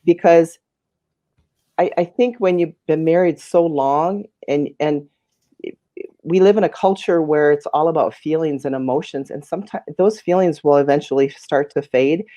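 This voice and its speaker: A woman's voice: low-pitched, normal speed, warm tone, dry recording. A woman in her fifties telling a personal story as an interview guest, earnest and emotional, often repeating her words.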